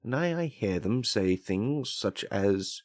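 Brief: vain, self-important house cat, a man voicing it, lofty and formal, deeper register, dry recording. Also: animated, slow pace, no room sound. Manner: grandiose, haughty, formal speech. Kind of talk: comedic character monologue.

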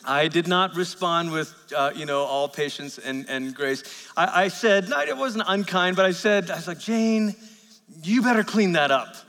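A man's voice: a little high, expressive, normal speed, pushed and bright. A man in his thirties preaching a sermon, telling stories in a conversational way with self-deprecating asides. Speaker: pastor. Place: church sanctuary. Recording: church hall with long reverb.

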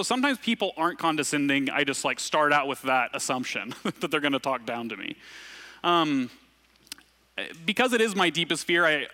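A man from Arkansas preaching a relaxed, storytelling sermon, full of self-deprecating asides. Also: fairly high pitch. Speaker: pastor. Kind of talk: conversational sermon.

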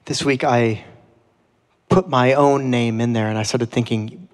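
A man's voice: medium pitch, fairly even intonation, measured pace, big-room sound. A man preaching a sermon as pastor, conversational and earnest, with dramatic readings of scripture.

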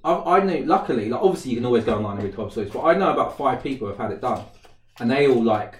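A man in his thirties chats casually and acts out a story, laughing a lot and doing the quotes in character. He talks very fast in a mid-range voice. The mic is a bit distant and the room sound comes through.

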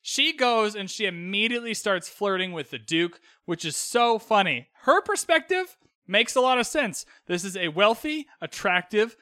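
A man casually recapping a TV episode as a podcast host, candid and animated, swearing freely. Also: high-pitched, dry recording, studio quality.

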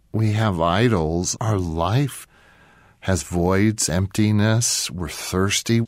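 A man co-hosting a Christian podcast, speaking calmly and reflectively with frequent quiet affirmations. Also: low-pitched, no echo, studio quality. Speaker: podcast co-host.

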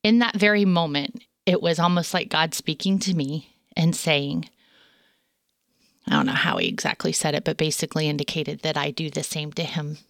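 A woman's voice: low-pitched, animated, moderate pace, a bit bright, no echo, clean studio sound. A middle-aged woman co-hosting a casual faith chat, a chatty storyteller who laughs often. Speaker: podcast co-host.

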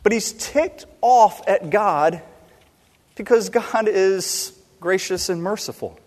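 A man delivers a sermon with an animated, slightly high voice. He swings from loud emphasis to hushed, quiet asides. His voice carries with a long reverb through a church sanctuary. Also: takes it slowly. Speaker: pastor. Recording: long reverb in a large hall.

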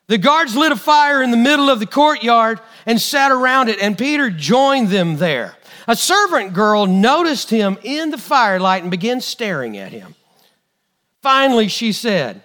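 A man preaching a sermon, telling a story with lively, acted-out quotes. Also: very high voice, normal speed. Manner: animated storytelling, acting out quotes.

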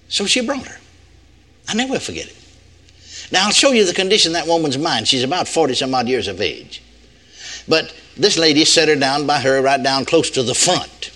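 An older man preaches and tells a story in a folksy, emphatic way, repeating his key points. His voice sits fairly high and swings widely in pitch. His tone is bright and forceful. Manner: animated, folksy, emphatic repetition. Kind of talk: storytelling sermon.

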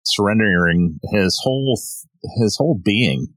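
Deep husky man chatting. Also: lively intonation, a little slow, no echo. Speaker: podcast co-host. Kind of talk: casual chat.

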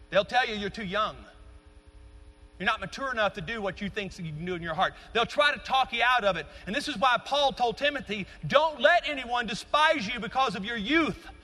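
A man's voice: high voice, moderate pace, bright, forceful tone. A middle-aged man preaching a passionate sermon to his church, building to emphatic peaks. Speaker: pastor. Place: large church sanctuary. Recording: long reverb of a large church.

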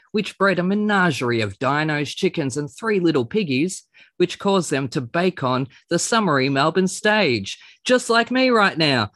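An excitable, theatrical man with a fairly high voice, chatting and rattling off wordplay at speed. The sound is dry and close, with no room around it. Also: dry recording. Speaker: podcast host. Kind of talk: casual chat and rapid scripted intro.

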